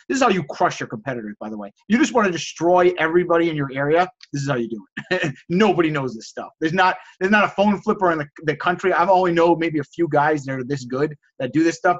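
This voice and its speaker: Man, high voice, live-stream host, enthusiastic salesman tone, dull lo-fi audio. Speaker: host of a live stream teaching resale negotiation. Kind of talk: casual live-stream coaching, reading chat messages.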